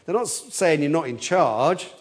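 In an animated voice at normal speed, a man preaches earnestly through an expository sermon. He often repeats himself while working out his thoughts aloud, lifting his pitch and force whenever he quotes a cry.

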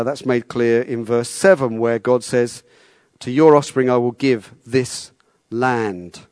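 A man's voice: mid-range voice, darkish tone, no room sound. A man preaching a sermon in a conversational way, often repeating words and asking his listeners questions.

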